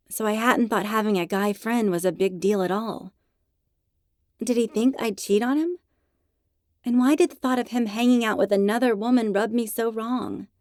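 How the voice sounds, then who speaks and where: A woman's voice: medium pitch, darkish tone, no echo. A woman narrating a first-person audiobook in a wry, self-mocking storytelling manner, close to a studio mic.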